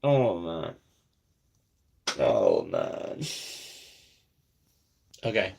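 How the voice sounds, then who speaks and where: A man narrates his build in a slow, unhurried way. His voice has a gravelly, creaky edge. He chats to himself and sometimes drops to a near whisper as he concentrates. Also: fairly low pitch. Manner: self-deprecating, talks to himself while building. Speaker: brick-building vlogger. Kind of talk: casual build commentary.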